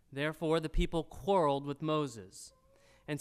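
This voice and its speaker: A male pastor preaching a sermon, reading scripture aloud and getting loud and animated when he acts out the crowd. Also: fairly high pitch, moderate pace, smooth.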